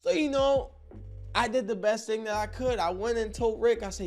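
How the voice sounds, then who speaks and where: A young man telling a story in a casual vlog, animated and full of slang, often turning to his listeners to check they are with him. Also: sits high, normal speed, faint music behind.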